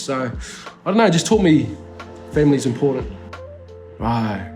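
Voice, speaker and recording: A man's voice: medium pitch, animated, normal speed, pauses often, darkish tone, soft background music. Laid-back Australian man, slangy chat. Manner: laid-back, slangy, swears freely, many fillers. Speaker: rapper interviewed as guest. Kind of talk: casual interview chat. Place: indoor studio.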